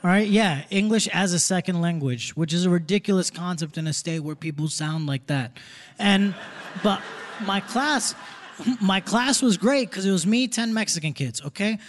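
High-voiced man doing stand-up. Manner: quick, conversational punchlines. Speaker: stand-up comedian. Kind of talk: live stand-up set. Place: theater stage with live audience. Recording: live audience laughter, faint crowd noise.

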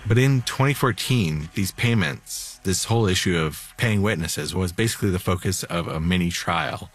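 A man's voice: sits low, normal speed, breathy edge. A man narrating a true-crime story in a casual scripted style, dropping in filler words. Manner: casual, uses filler 'like'. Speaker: podcast narrator.

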